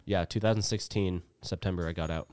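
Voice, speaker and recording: A man, telling a story as a guest in a casual chat, animated and swearing freely as he acts out the dialogue. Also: sits low, brisk, no room sound, studio quality. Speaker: podcast guest.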